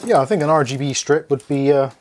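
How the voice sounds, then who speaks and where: A man's voice: a little high, fast, a little mellow, slight background noise. A man from England hosting a casual unboxing video, rambling and joking while he chats with his household and his viewers. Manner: rambling, jokey, talks to pets and chat. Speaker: tech video host.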